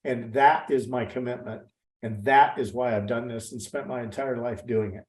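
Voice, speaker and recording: A man's voice: medium pitch, steady tone, normal speed. Older male guest presenter, heartfelt and earnest, echoey call audio. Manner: earnest, heartfelt, with many restarts. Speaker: guest presenter, nature interpreter. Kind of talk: presentation to educators.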